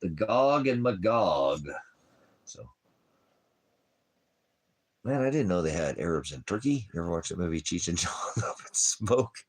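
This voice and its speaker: A man's voice: deep voice, big pitch swings, normal speed, long pauses, darkish tone. A man who preaches for a small ministry, talking in a rambling, off-the-cuff livestream style, breaking off to talk to his dog. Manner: meandering, jokey, talks to his dog between points.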